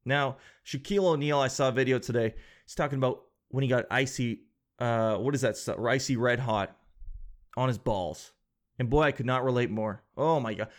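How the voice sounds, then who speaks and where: A man's voice: mid-range voice, moderate pace. A man hosting a casual comedic monologue, rambling and sarcastic, swearing freely.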